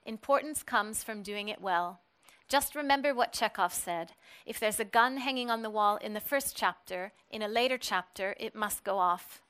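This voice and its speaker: A gentle, wry old novelist speaks calmly and teases with dry affection, as a woman reads his lines in a story. The voice is bright, clear and smooth. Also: mid-range voice, moderate pace, close to an everyday voice.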